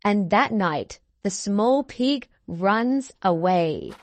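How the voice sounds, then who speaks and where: A woman reading a children's picture book aloud, slowly and clearly, with small character voices. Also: mid-range voice, lively intonation, no room sound. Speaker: preschool teacher reading aloud. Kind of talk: children's read-along.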